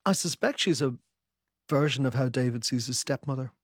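In a close, dry recording, a male author with a medium-pitched, slightly husky voice responds to interview questions in a considered, measured way. He reads a lengthy excerpt from his own book as well.

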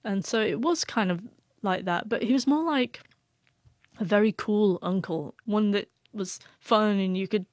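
A woman's voice: mid-range voice, measured pace, no echo, clean studio sound. A young woman with a stutter, a guest and author, telling a heartfelt personal story in an interview. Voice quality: stutters, repeats sounds.

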